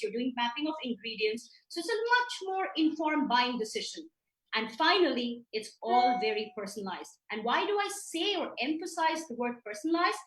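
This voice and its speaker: A woman's voice: high voice, fairly bright tone. A woman founder giving a webinar talk over slides, explaining points in lists with frequent restarts. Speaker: company founder presenting in a webinar. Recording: echoey room sound.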